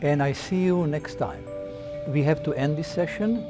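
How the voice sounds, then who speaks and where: A man's voice: fairly high pitch, moderate pace, mellow, faint music behind. A man with an Argentine Spanish accent plays a therapist, earnestly asking clinical questions in a mock therapy session. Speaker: therapist in a comedy sketch.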